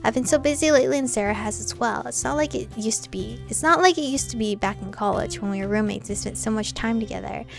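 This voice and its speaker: A woman's voice: fairly high pitch, fast talker, vocal fry, hardly any pauses, faint music behind. Playful young woman reading a game aloud. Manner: animated, playful reading with laughs. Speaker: game streamer. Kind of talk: reading a visual novel aloud.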